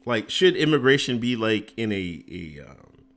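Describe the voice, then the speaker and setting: Animated man ranting on a stream. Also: fairly low pitch, measured pace. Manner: rambling, goes off on tangents, restarts sentences. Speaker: host. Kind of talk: casual political commentary stream.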